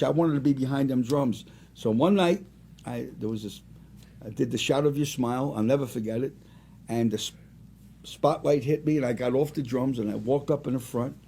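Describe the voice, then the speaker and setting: Gravelly-voiced man around seventy. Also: medium pitch, a little hiss or hum. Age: about 70. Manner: animated, rambling anecdotes. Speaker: singer and restaurant owner, guest. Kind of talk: casual storytelling interview.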